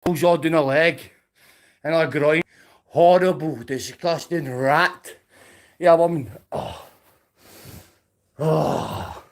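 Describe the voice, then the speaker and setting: A man's voice: a little high, slow, vocal fry, pauses often. A man with a Scottish accent, ranting and swearing as he streams, mocking people he is angry at. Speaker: livestreamer. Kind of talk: profane livestream rant.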